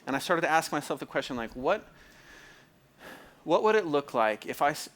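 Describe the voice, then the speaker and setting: A man's voice: fairly high pitch, big pitch swings, normal speed, a bit bright, a little hiss or hum. A man preaching a sermon as pastor, in a conversational way, often repeating phrases, restarting and checking in with the listeners. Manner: conversational, repeats phrases, asks the audience if it makes sense; restarts and stumbles often, fills with "like".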